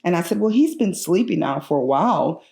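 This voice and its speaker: A middle-aged woman, a patient's mother, recounts a personal story in an anxious, animated way and acts out other people's lines. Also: on the low side, brisk, vocal fry. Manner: anxious and urgent, frequent restarts.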